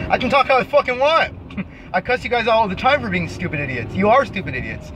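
A young man with a high voice rants to the camera in a scornful, cursing tone and hammers the same insult again and again. He talks outdoors, and the noise of traffic running nearby comes through clearly under every sentence. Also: big pitch swings, quick pace. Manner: profane, scornful, repeats himself. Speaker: vlogger. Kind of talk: angry rant to camera. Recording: noisy outdoor recording near traffic.

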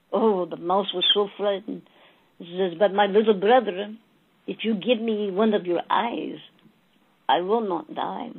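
Husky woman telling a spiritual fable. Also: medium pitch, fairly even intonation. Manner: slow, storytelling, addressing listeners as beloved souls. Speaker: channeler. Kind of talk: channeled spiritual message with a fable. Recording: tinny phone-like audio.

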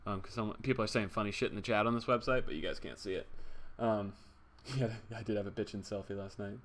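A young man streams a game, reading the chat, joking, swearing and thanking subscribers in a casual way. His voice is on the low side and a bit bright, and he talks fast.

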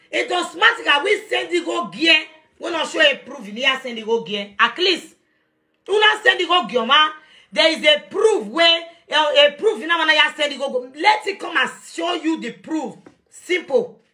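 A woman's voice: high-pitched, expressive, moderate pace, pushed and bright. A young adult woman with a Nigerian accent, ranting defiantly on a live stream from her phone, confronting someone and raising her voice at times. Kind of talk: heated live rant.

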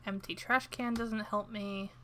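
Bright, chatty woman streamer. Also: mid-range voice, steady tone, a little slow, a little hiss or hum. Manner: chatty and self-deprecating. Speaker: game streamer. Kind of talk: let's-play commentary.

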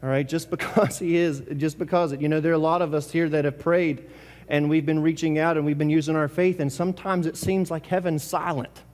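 A man's voice: fairly high pitch, steady tone, fairly quick, a little mellow, in a large hall. A man preaching a sermon as pastor, talking casually and asking the congregation questions. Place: church sanctuary.

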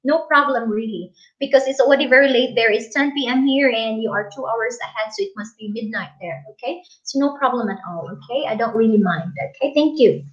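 Chatty woman livestreaming. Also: sits high. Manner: chatty, laughs often, reads viewer comments aloud. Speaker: livestream host. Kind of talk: casual livestream chat. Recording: dull lo-fi stream audio.

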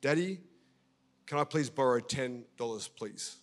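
A man voicing a pleading five-year-old boy in a story within his sermon, asking softly and politely. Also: medium pitch, lively intonation, a little slow, voice pushed down, lightly acted.

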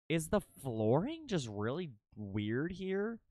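A young man streaming a game live, narrating dramatically and swinging between loud panic and low, repetitive mutters. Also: huge pitch swings, slow pace, hardly any pauses, no echo.

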